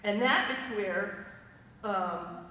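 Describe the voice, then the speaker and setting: A woman's voice: medium pitch, drawn-out words, pushed and bright. A woman giving a personal testimony at a church fellowship, telling her story conversationally and in vivid detail. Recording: echoey hall, voice from far off, faint noise.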